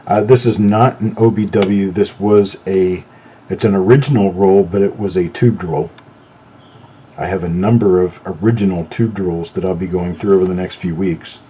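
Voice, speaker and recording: Chatting to his viewers on a live show, a relaxed middle-aged host takes his time examining items. His warm, low voice carries no southern accent, and he isn't from North Carolina. The recording is a bit muffled and has a faint hiss.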